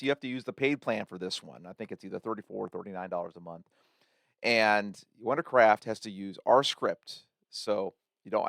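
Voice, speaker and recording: A man hosting a podcast, walking through a software tool in a chatty, loose tutorial with many fillers and restarts. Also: medium pitch, vocal fry, no room sound, clean studio sound. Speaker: podcast host. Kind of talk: casual tutorial walkthrough.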